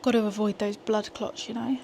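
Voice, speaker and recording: Indoors at home and out walking, a pregnant young British vlogger talks casually to her small handheld gimbal camera, joking at her own expense. She speaks a little fast at a medium pitch with little pitch movement, against background noise.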